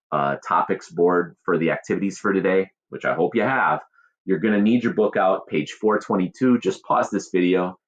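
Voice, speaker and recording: A man's voice: low-pitched, husky. A male teacher giving a recorded lesson, explaining patiently and chanting stress patterns aloud.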